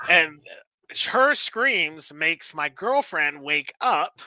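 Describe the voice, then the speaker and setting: Guy rambling thru a story, super bright sharp voice, dull lo-fi stream sound. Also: a little high, lively intonation, slow, no room sound. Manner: rambling, laughs often, swears. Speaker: guest musician. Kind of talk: casual podcast storytelling.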